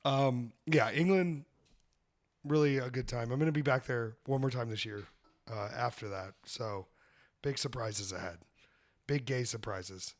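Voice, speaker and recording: A man with a medium-pitched voice speaks at a measured pace, hosting a comedy podcast. He tells loose, profane travel stories in casual comedic chat, laughing often.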